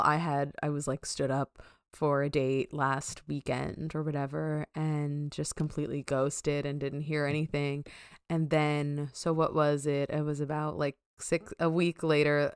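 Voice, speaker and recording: Giggly young woman, low smooth voice. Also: no room sound, clean studio sound. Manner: giggly, chatty, many fillers. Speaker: podcast co-host. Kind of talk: casual chat.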